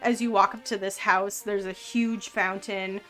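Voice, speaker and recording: Bright-voiced woman game master. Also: mid-range voice, little pitch movement, measured pace, soft background music. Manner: descriptive, filler-heavy (um, like). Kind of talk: narrating a tabletop game.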